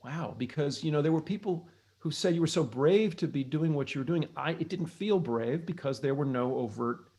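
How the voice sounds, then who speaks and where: A man's voice: a little high, normal speed, few pauses, dark tone. A middle-aged man from the United States, a guest on an interview show, telling long reflective stories with many restarts. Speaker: interview guest, blues harmonica player and author. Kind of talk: casual interview storytelling.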